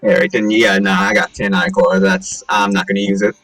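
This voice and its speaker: A man's voice: lowish voice, little pitch movement, fairly quick, fairly bright tone, rough recording. A man playing in a tabletop game, chatting in a playful, giggly way, with faint music behind. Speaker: player. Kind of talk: casual tabletop game chat.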